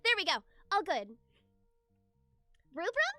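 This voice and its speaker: A woman's voice: sits high, huge pitch swings, unhurried, long pauses, bright, forceful tone, no echo, faint music behind. A young woman streaming a game, chatting casually with her viewers and giggling often as she gushes her thanks.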